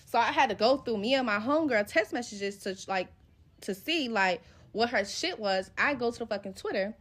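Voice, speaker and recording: A woman's voice: fairly high pitch, animated, normal speed, sharp tone. Young woman telling a profane storytime. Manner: profane, slangy, retells scenes with quoted dialogue. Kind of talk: casual storytime monologue.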